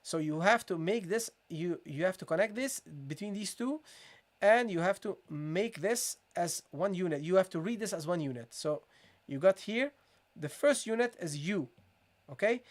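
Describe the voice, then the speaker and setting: A Quran recitation teacher giving a live online tajweed lesson, who keeps saying "guys" and "okay" and drills each Arabic word in slow, drawn-out repeats. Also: mid-range voice, lively intonation.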